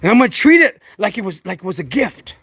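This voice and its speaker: A man's voice: high voice, sing-song, quick pace, vocal fry, fairly bright tone, breathy edge, dry recording. A man talking casually to camera about raising his dogs, rambling and preachy, with many restarts and fillers, outdoors. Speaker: dog breeder.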